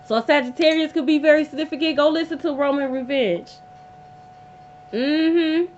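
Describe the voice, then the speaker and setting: Brief: woman, tarot reader, high voice, blunt and profane, dull lo-fi audio with hum. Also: moderate pace, a little mellow. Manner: emphatic, blunt and profane, repeating lines for effect. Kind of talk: casual tarot reading to camera.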